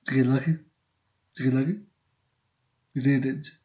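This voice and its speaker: A man's voice: mid-range voice, steady tone, moderate pace, pitched below the performer's own voice, lightly acted. Guy doing his teasing dad, mocking and needling, kinda muffled lo-fi audio. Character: teasing middle-aged dad, loud and joking. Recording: lo-fi dull sound.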